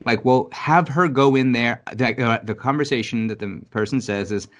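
A man from New York City telling stories in casual conversation, rambling, swearing often and getting animated. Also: medium pitch, normal speed. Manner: rambling, profane, animated storytelling. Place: Virginia.

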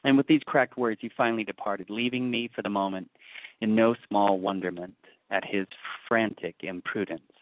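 A man narrates a classic novel in a measured, literary audiobook reading. His voice is on the low side and comes through thin and tinny, like a phone line. The recording is dry and close. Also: fairly even intonation, no room sound.

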